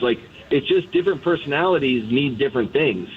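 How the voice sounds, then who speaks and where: A man on a sports radio show speaks over a thin, phone-like line that strips out his lows and highs. His pitch sits in an ordinary middle range. He tells clubhouse stories in a blunt, candid, animated way, like a former player talking shop. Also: brisk, hardly any pauses. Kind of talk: casual sports radio storytelling.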